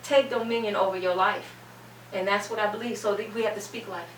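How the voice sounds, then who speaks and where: A woman's voice: medium pitch, fairly even intonation, fairly quick, fairly bright tone. A middle-aged woman giving an emphatic, preacher-like testimony as a panel guest, repeating phrases for weight. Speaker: guest, cancer survivor. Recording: echoey room, distant mic, faint hum.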